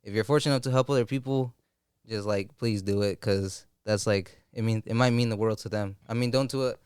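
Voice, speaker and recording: A man's voice: on the low side, steady tone, a little fast, darkish tone, clear, resonant tone, no echo, clean studio sound. A young man hosting a casual chat, rambling with lots of likes and slang. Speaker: podcast host.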